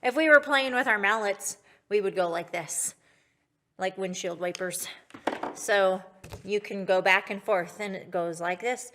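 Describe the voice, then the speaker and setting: A woman's voice: medium pitch, noisy background. A woman teaching a children's music lesson in a patient, sing-song, encouraging manner. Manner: patient, slow, sing-song, bright and encouraging toward kids.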